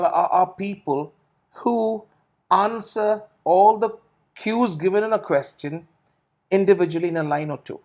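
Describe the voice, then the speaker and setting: A middle-aged man teaches in a question-and-answer session. He explains patiently, repeats words and restarts his phrases, and keeps building his point. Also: high-pitched. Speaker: IELTS trainer.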